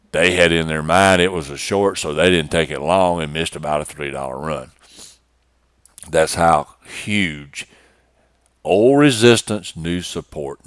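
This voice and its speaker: A man's voice: sits low, no echo, studio quality. A man teaching day-trading chart setups in a plainspoken, matter-of-fact screen-share walkthrough, often restarting phrases. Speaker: trading instructor.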